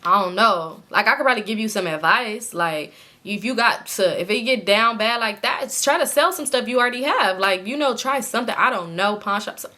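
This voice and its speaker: Hoarse young woman vlogging a storytime, bright tone, chatty and animated. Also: mid-range voice, a little fast. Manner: animated, slangy, quotes people in voices. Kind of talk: casual storytime chat.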